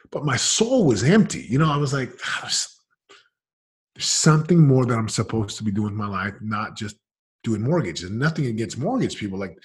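Man, podcast guest, low voice, raspy and breathy, casual slang, emphatic storytelling. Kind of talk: candid storytelling.

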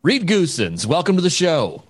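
A man's voice: on the high side, wildly swooping pitch, moderate pace, faint music behind. A man hosting a podcast, asking interview questions in a friendly, enthusiastic way. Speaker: podcast host.

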